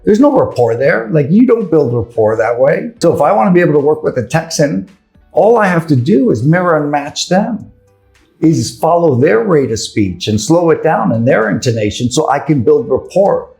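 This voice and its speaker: A man with a New York accent coaches salespeople in a brisk, earnest way. He talks at an ordinary pitch and keeps asking rhetorical questions to draw his listeners in. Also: dark tone. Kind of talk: sales training talk.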